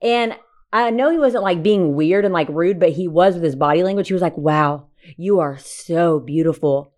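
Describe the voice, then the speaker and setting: A woman's voice: on the low side, brisk. Pregnant young woman, swearing storyteller. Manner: profane, animated storytelling. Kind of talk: casual chat.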